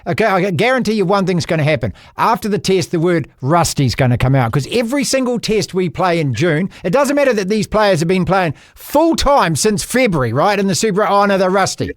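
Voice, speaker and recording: A man's voice: sits high, very animated, brisk, few pauses, no echo, studio quality. A New Zealand man hosting a radio sports chat, blunt and teasing. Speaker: radio host. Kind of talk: casual chat.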